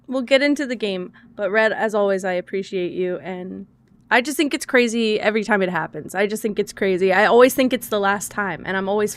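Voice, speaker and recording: A young woman streaming a video game, chatting casually with her viewers, laughing often and swearing freely. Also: medium pitch.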